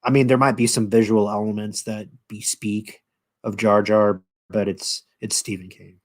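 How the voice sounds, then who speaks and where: A man's voice: on the low side, little pitch movement, moderate pace. A man hosting his own channel, casually retelling a show in a rambling, profane way with lots of fillers. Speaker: channel host.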